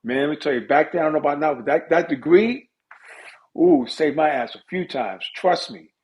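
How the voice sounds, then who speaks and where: A middle-aged man, a music industry guest, telling stories in a casual interview with lively asides. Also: a little high, moderate pace. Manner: animated storyteller with lively asides. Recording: dull lo-fi audio.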